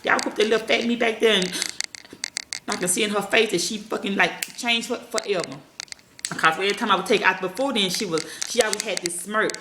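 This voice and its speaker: Here a woman with a mid-range voice talks fairly quickly over a noisy background. As a parenting vlogger filming in a small, echoey room at home, she chats with viewers she calls y'all, cursing casually and wandering from one idea to another.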